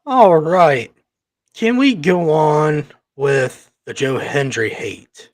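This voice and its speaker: A man hosting a podcast over a headset mic, excitable, profane and laughing a lot in casual chat. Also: on the high side, slow, dry recording. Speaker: podcast host.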